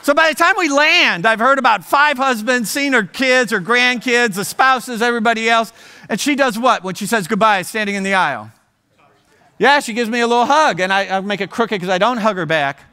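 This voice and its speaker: Speaking briskly in a high voice with a sharp, clean tone, a man in his sixties from Ohio recounts a story as a guest speaker. It's a humorous sermon in a church auditorium, sprinkled with jokes directed at the audience.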